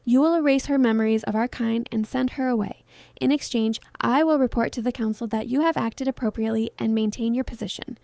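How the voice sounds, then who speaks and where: A woman's voice: on the high side, a little fast, gravelly, mellow, dry recording, clean studio sound. A woman voicing an ancient, menacing male vampire lord who speaks with cold, mocking condescension. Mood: cold contempt.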